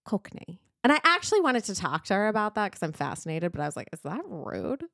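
A woman co-hosting a podcast in casual chat, chatty and quick to laugh. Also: medium pitch, very animated, gravelly, fairly bright tone, no room sound, clean studio sound. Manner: chatty, laughs often, filler "like". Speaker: podcast co-host.

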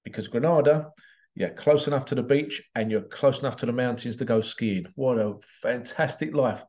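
A man's voice: medium pitch, moderate pace, darkish tone, muffled recording. An Englishman hosting a podcast in a casual solo monologue, rambling and digressive with frequent chuckles. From England. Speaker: podcast host.

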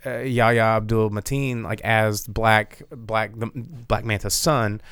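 A man's voice: lowish voice, steady tone, slow pace, fairly bright tone, clear, resonant tone, dry recording, clean studio sound. A man co-hosting a podcast, chatting casually and a bit profanely about a movie he saw, rambling with many fillers and restarts. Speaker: podcast co-host. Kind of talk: casual movie review chat.

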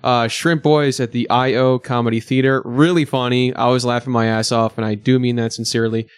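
A man's voice: mid-range voice, fairly even intonation, a little fast, clear, resonant tone, no echo. A man hosting a podcast in loose, jokey casual chat with his guests. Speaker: podcast host.

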